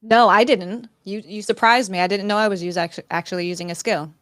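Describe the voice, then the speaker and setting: A woman's voice: medium pitch, fairly even intonation, fairly quick, no room sound. Woman host, dry close sound. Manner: hesitant, many fillers and restarts. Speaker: host, workplace and construction industry. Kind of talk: conversational interview.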